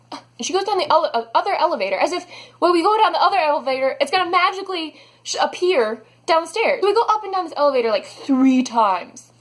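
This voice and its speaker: A young woman telling a storytime vlog, animated and dramatic, saying "like" a lot. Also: high-pitched. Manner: animated, dramatic, heavy use of "like". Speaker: vlogger.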